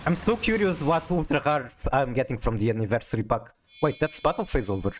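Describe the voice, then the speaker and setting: His voice is mid-range and brisk, with lively intonation, as he plays a card game on stream. The man keeps up casual, chatty talk with viewers, reads chat aloud, and often stammers when restarting sentences.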